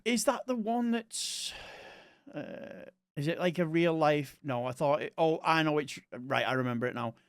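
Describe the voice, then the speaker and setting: Chatty East Scottish man, smooth voice. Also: fairly high pitch, no echo, studio quality. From Scotland. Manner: chatty and rambling, talks to chat viewers. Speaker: streamer. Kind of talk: casual live-stream chat.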